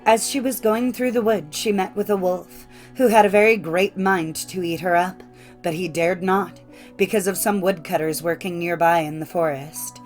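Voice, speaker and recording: A woman reading a classic fairy tale aloud in a measured, clear storytelling manner. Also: lowish voice, fairly even intonation, soft background music. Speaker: audiobook narrator. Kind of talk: scripted storybook narration.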